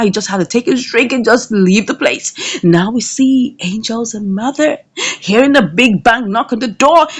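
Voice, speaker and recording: A woman giving a lively recap of a drama episode, asking her viewers questions as she tells it. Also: high-pitched. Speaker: drama series reviewer.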